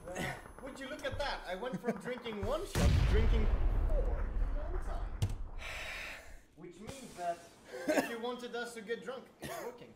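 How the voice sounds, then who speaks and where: A man's voice: very high voice, lively intonation, normal speed, heavy background noise. A young man teasing his friend and laughing easily in casual gaming chat. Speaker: gamer. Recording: echoey room with loud key clicks.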